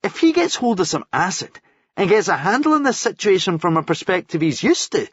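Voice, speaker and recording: A man's voice: sits high, big pitch swings, fairly quick, a bit bright, husky, dry recording, lo-fi sound, voice pushed up, full character voice. A man reading a novel aloud, voicing a worried man in a criminal crew who speaks in an anxious, warning way.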